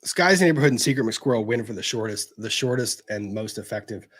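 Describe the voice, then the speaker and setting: A man hosting a livestream, chatting casually and gently as he answers viewer messages, with plenty of fillers and restarts. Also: on the low side, expressive, brisk.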